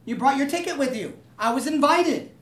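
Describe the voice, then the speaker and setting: A man's voice: very high-pitched, animated, moderate pace, a bit bright. A man preaching a sermon, talking conversationally and asking the room to agree with him. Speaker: pastor. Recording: echoey room, voice from a distance.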